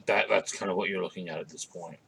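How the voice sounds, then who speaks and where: Male game master, low gravelly voice, meandering narration. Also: fairly even intonation, fast talker, background noise. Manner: rambling, hesitant with many "kind of"s.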